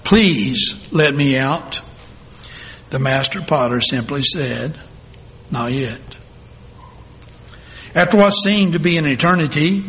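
A male pastor telling a story in a sermon, reading slowly and deliberately with dramatic pauses. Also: a little high, sharp tone. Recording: long hall reverb.

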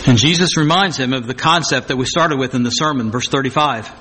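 A man's voice: mid-range voice, fairly quick, pushed and bright, slight background noise. A man preaching a sermon, stressing his points by repeating phrases and acting out the scripture he quotes. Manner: acts out scripture quotes dramatically.

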